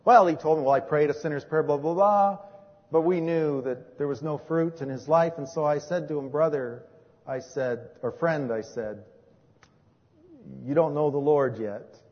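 High-voiced preacher in an echoing hall. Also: male voice, normal speed. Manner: storytelling, swings from hushed to emphatic. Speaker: pastor. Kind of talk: sermon with personal testimony. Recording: dull recording in a reverberant hall.

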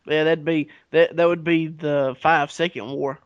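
On a podcast, a male co-host walks through history informally, using profanity and performing characters' lines. His fairly high voice is smooth and steady at a moderate pace, captured in a dull lo-fi recording.

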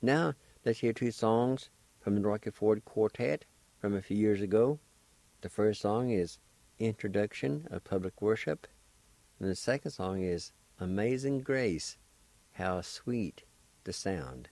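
A man hosting a radio language lesson, patiently spelling words and sounding out syllables slowly, with encouraging words for learners. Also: fairly low pitch, expressive, gravelly, darkish tone, no echo. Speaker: radio language teacher and host. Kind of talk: slow step-by-step pronunciation lesson.

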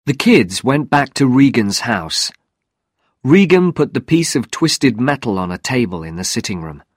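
Slow, lively-toned male narrator for a learner's storybook, dry close sound. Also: medium pitch, no echo. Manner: slow, clear and deliberate. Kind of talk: scripted narration of a graded reader.

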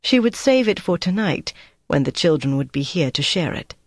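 This is scripted narration of a novel, delivered by an audiobook reader in a steady, measured way. Pitch is medium, the sound is clean studio quality, and there's no room sound at all.

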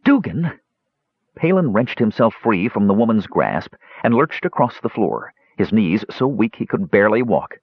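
A man narrating a fantasy story as an audiobook reader, telling it in an animated way. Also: fairly low pitch, normal speed, few pauses, slightly rough, no room sound, muffled recording.

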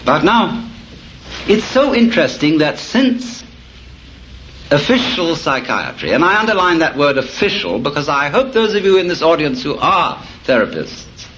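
A man's voice: on the high side, normal speed. Wry lecturing man on old tape. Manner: wry, storytelling, animated. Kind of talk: public lecture to an audience. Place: lecture hall with audience. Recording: dull lo-fi tape of a lecture with faint hiss.

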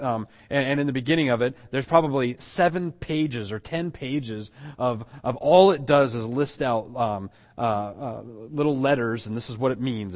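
A man preaching a sermon, teaching emphatically and often restarting his phrases. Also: mid-range voice. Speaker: pastor.

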